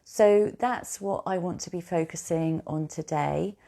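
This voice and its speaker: A woman coaching a guided tapping session, speaking slow, repetitive affirmations for the listener to repeat back. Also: on the low side, creaky, mellow. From United Kingdom.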